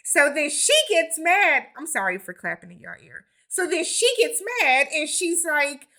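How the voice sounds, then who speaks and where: A woman hosting a casual reality TV recap, with blunt, animated commentary and slangy asides. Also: high voice, a little slow, hardly any pauses, slight background noise. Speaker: TV recap host.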